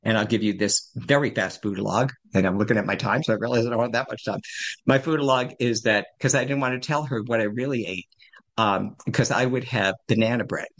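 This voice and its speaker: A man's voice: medium pitch, brisk, fairly bright tone. A man in his sixties telling his recovery story at a support meeting, rambling and self-deprecating. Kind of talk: personal recovery share.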